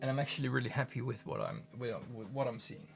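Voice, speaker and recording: A man casually commenting in his studio as he looks at his handmade pigments, halting and restarting often. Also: mid-range voice, wildly swooping pitch, vocal fry, soft background music. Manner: rambling, halting, many restarts. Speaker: pigment maker filming his studio work. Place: home studio.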